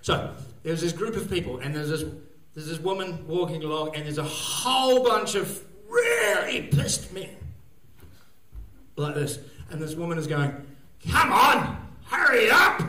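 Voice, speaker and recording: A man's voice: on the high side, big pitch swings, moderate pace, fairly bright tone. A man doing a rambling, crude stand-up set, laughing at his own jokes in front of a live crowd. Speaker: stand-up comedian. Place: comedy gig venue, live audience. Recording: echoey live venue.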